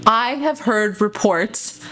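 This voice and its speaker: A woman voicing a stern, judgmental middle-aged auntie who lectures slowly and accuses. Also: mid-range voice, fairly bright tone. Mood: stern, accusing. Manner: slow, preachy, accusing.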